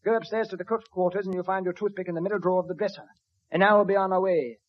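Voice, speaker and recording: A man's voice: high-pitched, fairly even intonation, very fast, pitched below the performer's own voice, close to an everyday voice. A man playing a pompous, fussy detective chief in a 1940s radio comedy sketch, with mock-British bluster. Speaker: comedian and show host. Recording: dull 1940s radio broadcast recording.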